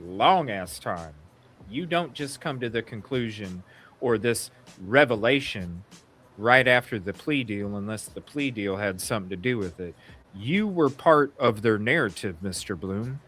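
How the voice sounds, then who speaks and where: A man's voice: on the low side, animated, moderate pace, a bit bright. A man co-hosting a casual true-crime talk show, blunt and opinionated, swearing freely and restarting his sentences as he rambles. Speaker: podcast co-host.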